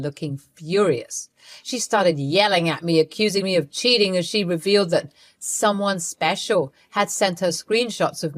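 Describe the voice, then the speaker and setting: A woman tells a scripted storytime with amused, conspiratorial delivery. Her voice sits at a middle pitch, and the recording is dry and close with no room sound. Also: no echo.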